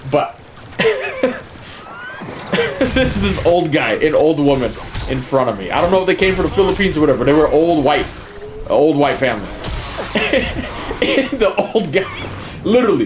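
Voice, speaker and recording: A man's voice: fairly high pitch, normal speed, pauses often, music in the background. Profane man telling a story. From United States. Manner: profane, animated, chuckling. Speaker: gaming streamer. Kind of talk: casual storytelling.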